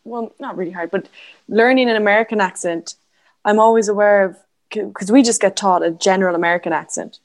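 An Irish woman, the guest on an interview podcast, chatting casually and laughing easily. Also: medium pitch. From Galway, Ireland. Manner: giggly, animated, quick to laugh. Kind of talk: casual chat.

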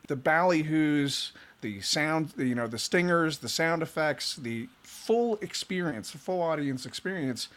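Measured man stressing his points. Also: mid-range voice, a bit bright. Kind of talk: casual interview chat.

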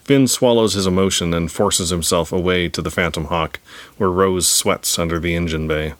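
Deep-voiced man reading a script. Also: steady tone, moderate pace, dry recording. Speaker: narrator.

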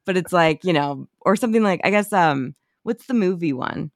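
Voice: medium pitch, lively intonation, moderate pace, dry recording, clean studio sound. A podcast co-host in casual movie chat who swears freely and acts out quotes in a jumped-up voice.

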